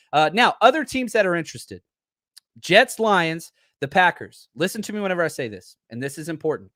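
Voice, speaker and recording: A man hosting a casual sports podcast live stream, animated and blunt, joking with his chat. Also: a little high, fairly quick, dry recording, studio quality. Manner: animated, blunt, jokey, talks straight to chat. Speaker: podcast host.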